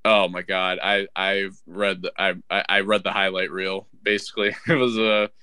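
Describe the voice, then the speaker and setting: A man's voice: sits low, normal speed, clear, resonant tone, no room sound, clean studio sound. A young man co-hosting a podcast, rambling and swearing a lot in casual banter. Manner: profane, rambling and excitable. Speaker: podcast co-host.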